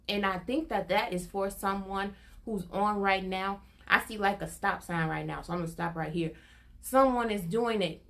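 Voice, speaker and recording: A young adult woman sharing an informal prophetic testimony, earnest and repetitive, her intensity building as she goes. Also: mid-range voice. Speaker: prophetic minister.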